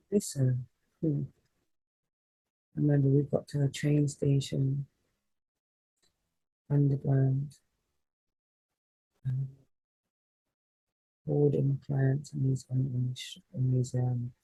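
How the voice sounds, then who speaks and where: A woman's voice: very deep voice, flat delivery, slow pace, gravelly, long pauses, warm tone, slightly rough, low-quality recording. A woman, a spiritual reader telling an emotional personal story in a rambling, heartfelt way on her vlog.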